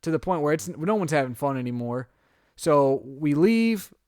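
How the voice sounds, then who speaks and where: A man's voice: a little high, animated, moderate pace, darkish tone, no room sound, clean studio sound. A man co-hosting a podcast, telling a long story in casual chat and acting out his own reactions. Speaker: podcast co-host.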